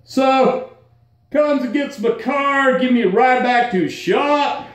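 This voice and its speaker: A man's voice: slow, very echoey. A man telling a personal story to camera in a casual, slangy way, acting out the lines he quotes. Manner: animated, acts out quoted lines with jumps in pitch; slangy, folksy. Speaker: vlogger. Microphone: phone held at arm's length.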